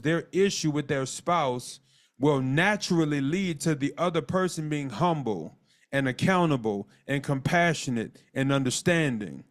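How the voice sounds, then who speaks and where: Earnest man teaching a marriage class. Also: on the high side. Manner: earnest, repeats words, dictates lists slowly and spells terms out. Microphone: call audio.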